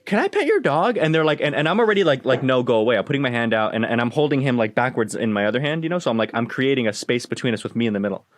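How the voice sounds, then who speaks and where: A man hosting a casual podcast, telling dog-training stories in an animated, profane way and acting out the exchanges. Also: medium pitch, very fast, few pauses, no echo, studio quality.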